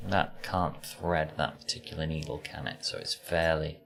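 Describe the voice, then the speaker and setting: A man's voice: very deep voice, steady tone, normal speed, gravelly, fairly bright tone. A man with a mild Yorkshire accent chatting casually while playing a video game, rambling through answers to chat and muttering to himself over the gameplay. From Yorkshire, England. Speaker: gaming streamer.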